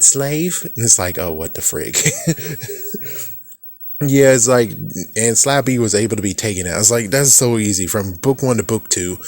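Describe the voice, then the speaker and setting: Rambling man with a low voice. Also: no room sound. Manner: rambling, lots of "it's like" and "actually", chuckles to himself. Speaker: YouTube commentator. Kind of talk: casual unscripted commentary.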